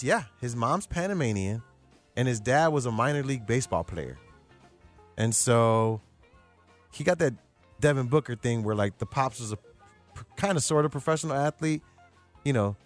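A man hosting a sports radio show in a studio, talking in a joking, slangy way. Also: medium pitch. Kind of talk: casual sports talk radio. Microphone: studio microphone.

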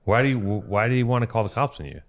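A man's voice: lowish voice, fast talker. A man hosting a casual podcast, reacting and swearing freely. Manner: reactive, swearing, lively interjections. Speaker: podcast host.

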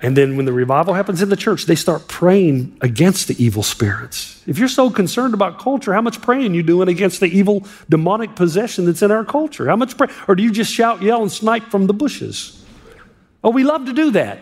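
High-voiced preaching man, hall reverb. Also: sing-song, brisk, slightly rough. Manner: impassioned, swings between hushed and emphatic. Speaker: pastor. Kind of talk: sermon. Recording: long reverb of a large hall.

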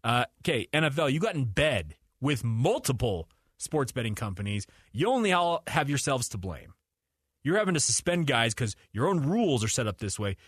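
A man hosting a sports radio show in a studio, bantering casually with animated, chuckling rants. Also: medium pitch, moderate pace, slightly rough, no room sound.

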